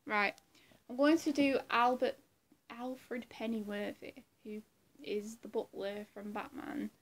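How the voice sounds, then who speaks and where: A woman's voice: fairly high pitch, slow. A woman in casual chat between her impressions, giggly and self-deprecating, who swears casually. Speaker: impressionist video creator.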